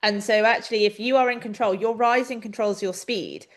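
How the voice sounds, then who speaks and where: A young adult woman co-hosting a webinar, coaching riders in a chatty, animated way over a video call. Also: medium pitch, fairly quick. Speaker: riding coach and webinar co-host. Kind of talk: casual instructional chat.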